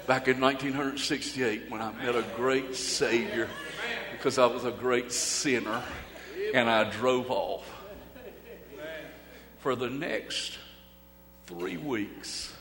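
In a sermon, a male preacher tells a story in a folksy, dramatic style, pausing and swinging from loud to hushed. His voice is medium-pitched, recorded in an echoey hall with a faint hum.

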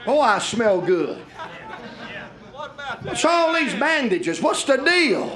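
A man's voice: extremely high pitch, big pitch swings, slow pace, reverberant, a crowd in the background, pitched above the performer's own voice, full character voice. A man voicing a dazed, wounded male traveler who wakes up bandaged and asks bewildered questions.

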